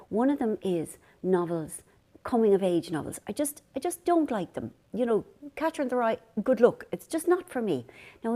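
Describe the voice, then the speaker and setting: An Irish woman hosts her own video chat in a warm, mellow voice. She wanders from one story to the next and pokes fun at herself, keeping an easy, middling pitch throughout. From Ireland. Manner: rambling, self-deprecating storytelling. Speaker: vlog host. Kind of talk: casual chat to camera.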